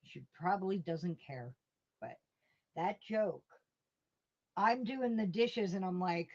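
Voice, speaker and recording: A woman's voice: on the low side, animated, takes it slowly, pauses often. A woman hosting a casual live stream from home, rambling through stories and answering her chat with chuckles. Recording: dull lo-fi stream audio.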